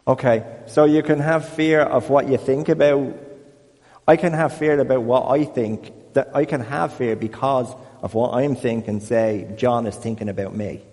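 A man leading an informal Bible talk for a small group, chatty and self-deprecating, growing more animated as he goes. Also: mid-range voice, normal speed, in a large hall. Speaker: church group leader.

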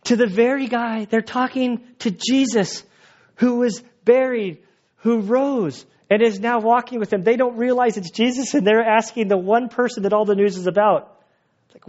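Man, sermon, high-pitched, playful casual storytelling, muffled recording. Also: unhurried, a little mellow. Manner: casual, playful retelling with acted-out dialogue. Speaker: pastor.

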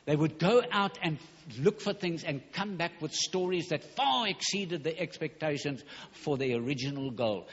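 A man preaching a fervent sermon, emphatic and hurried, stumbling over words at times. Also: fairly high pitch, animated, husky. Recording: dull recording in a large hall.

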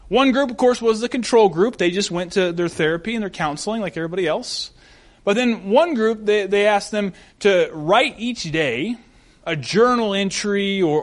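A young man preaching a sermon as a pastor, enthusiastic and full of stories. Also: sits high. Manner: enthusiastic, storytelling.

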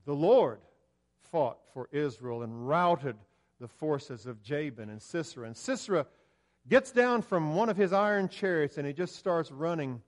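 A man preaching a sermon, building to loud emphatic peaks and dropping low and slow.

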